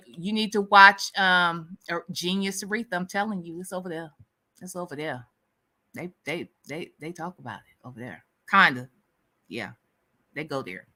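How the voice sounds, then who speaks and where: Sassy woman with a light Southern lilt. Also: on the low side. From US Midwest. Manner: sassy and animated, laughs often. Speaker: livestream host. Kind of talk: casual chat with live viewers.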